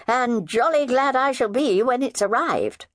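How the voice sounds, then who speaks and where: A woman's voice: on the low side, wildly swooping pitch, moderate pace, no echo, clean studio sound, pitched above the performer's own voice. A woman voicing a cheerful, forward young mother who chatters in a chirpy, nonchalant way in an audiobook. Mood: breezy. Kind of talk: audiobook character reading.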